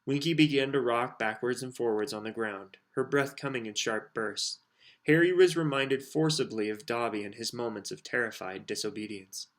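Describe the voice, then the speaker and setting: A man narrating an audiobook in a steady, expressive reading voice. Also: mid-range voice, moderate pace. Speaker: audiobook reader.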